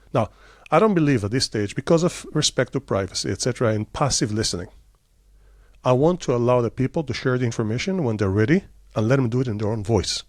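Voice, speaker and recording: A middle-aged Israeli man, a startup CEO, answering interview questions with lively stories, quick bursts and many fillers. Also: medium pitch, no echo, clean studio sound.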